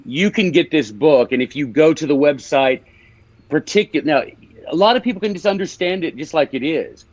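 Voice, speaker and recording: A man's voice: fairly high pitch, expressive, moderate pace, darkish tone, no room sound, highs cut off. A man with a Memphis accent, a guest author explaining ideas in a casual interview, teaching and restarting as he talks.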